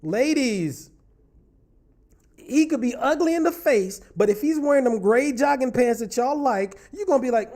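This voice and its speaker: An animated man with an extremely high, slightly mellow voice speaks at a moderate pace as he hosts a relationship talk show. He reads viewers' comments in a casual livestream, teasing them playfully and addressing them head-on.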